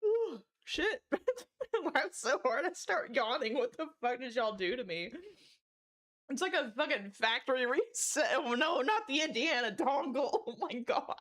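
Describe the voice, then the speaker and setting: A woman's voice: high voice, sing-song, moderate pace, a bit bright. A woman livestreaming from a small room at home, chatting casually with viewers, giggling breathlessly and swearing freely between lines.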